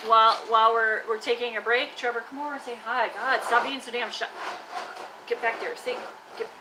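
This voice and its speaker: A woman's voice: a little high, steady tone, brisk, noisy background. A woman chatting casually on a live stream from her workshop, teasing and scolding her trash can like a buddy. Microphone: live-stream camera mic.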